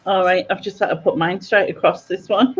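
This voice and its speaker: A woman's voice: medium pitch, normal speed, heavy background noise. A woman hosting a casual livestream chat over a video call, giggly and self-deprecating. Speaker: host. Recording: dull lo-fi call audio.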